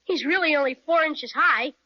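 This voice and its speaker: A woman playing an excitable young boy who speaks in eager exclamations, in a radio play on a dull lo-fi recording. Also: high voice, moderate pace, lightly acted. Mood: excited.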